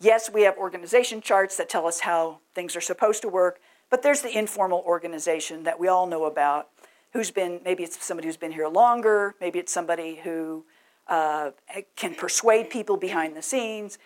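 A woman giving a lively presentation and asking the audience questions. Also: fairly low pitch, moderate pace. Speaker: speaker.

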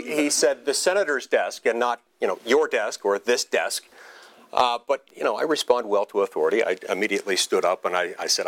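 A man delivers a humorous anecdote in a speech, in a mid-range voice. He tells it wryly and pokes fun at himself, often stopping to restart a phrase before moving on. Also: mid-range voice. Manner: wry, self-deprecating storytelling with halting restarts. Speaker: senator giving a speech.

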